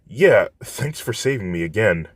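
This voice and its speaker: A man's voice: lowish voice, expressive, measured pace, husky, dry recording. A man voicing a cheerful teenage girl greeting a friend.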